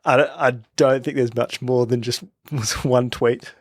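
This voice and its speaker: A man's voice: medium pitch, steady tone, measured pace, no room sound, clean studio sound. A young Australian man co-hosting a sports podcast, laid-back and casual, dropping "mate" often. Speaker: podcast co-host.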